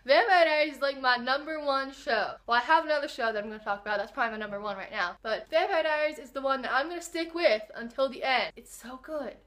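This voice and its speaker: Young woman, high voice, bright tone, gushing, casual vlog chat. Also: quick pace, few pauses. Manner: gushing, excitable, talks straight to viewers. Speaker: book and TV vlogger.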